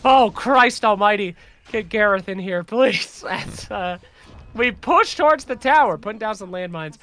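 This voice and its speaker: A man calling esports play-by-play, quick and excitable, who swears now and then. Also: high voice. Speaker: caster.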